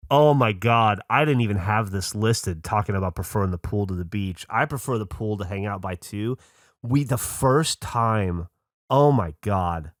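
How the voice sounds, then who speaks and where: Animated man telling a podcast story. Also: on the low side, moderate pace, no echo, studio quality. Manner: animated storytelling, swearing, laughing asides. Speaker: podcast host. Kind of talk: casual chat.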